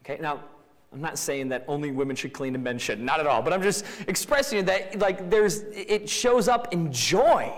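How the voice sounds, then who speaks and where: A man's voice: on the high side, animated, moderate pace. A man preaching a sermon to his congregation, talking in a conversational way and rising to emphatic bursts. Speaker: pastor. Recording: reverberant hall.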